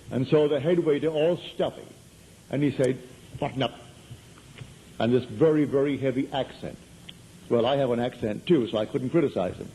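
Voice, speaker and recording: Speaking in a mid-range voice with a dark tone, a man gives a spiritual lecture to a live audience, weaving in conversational stories and repeating key points for emphasis. There's slight background noise and the recording is low quality.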